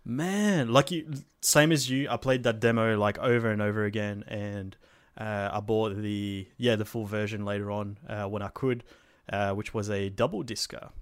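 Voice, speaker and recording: A man's voice: lowish voice, fairly even intonation, moderate pace, clear, resonant tone, no room sound, studio quality. A man, co-hosting a casual chat about video games, rambling with fillers and restarts and swearing now and then. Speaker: podcast co-host.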